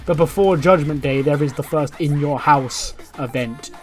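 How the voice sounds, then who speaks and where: A man hosting a let's play, narrating a simulated wrestling show in lively play-by-play with offhand asides. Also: a little high, moderate pace, soft background music.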